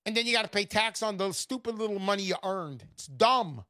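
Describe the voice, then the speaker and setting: Woman, persuasive sales pitch, mocking, emphatic, lively swooping pitch, dry close sound. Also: a little fast, no echo. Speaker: gold investment promoter.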